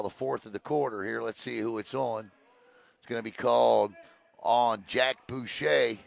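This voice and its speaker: A man calling a high school basketball game play by play, excitable on big plays and joking between them. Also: vocal fry. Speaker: play-by-play announcer. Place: gym broadcast position.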